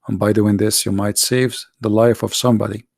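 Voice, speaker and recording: A man with a gravelly, creaky voice delivers a mocking commentary monologue, firing off sarcastic rhetorical questions. His voice sounds tired, and the recording is dry and close with no room sound. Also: lowish voice, level tone, fairly quick, a little mellow, no echo. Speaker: video host and preacher.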